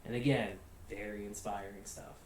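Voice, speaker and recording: An American man hosting a casual anime review, chatty and relaxed, laughing often and filling gaps with "you know" and "like". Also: fairly low pitch, normal speed, distant mic. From United States. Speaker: anime reviewer, channel host. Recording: very echoey room, voice off-mic, faint hiss.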